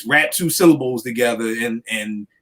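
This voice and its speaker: A man in his forties, a podcast host, ranting in animated, profane casual chat. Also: mid-range voice, normal speed. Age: 40s.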